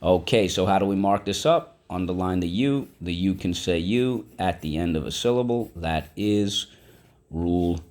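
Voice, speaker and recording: A man with a very low, deep voice teaches a vocabulary lesson. He spells words letter by letter and keeps checking in with his students. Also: normal speed. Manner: animated, spells words aloud and checks in with "okay? right?".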